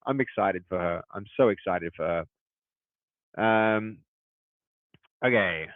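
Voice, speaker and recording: A man who runs a game studio, chatting casually on a live stream, excitable and hyped, now and then bursting into loud shout-outs. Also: on the low side, slow pace, pauses often, clean tone, no room sound. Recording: tinny, phone-like dry sound.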